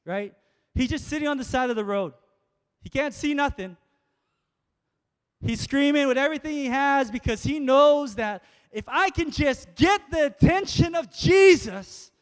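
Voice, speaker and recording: High-pitched preacher, slow sermon pace, reverberant church hall. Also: male voice, animated. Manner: calls to the congregation, loud rising exhortation. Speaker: pastor.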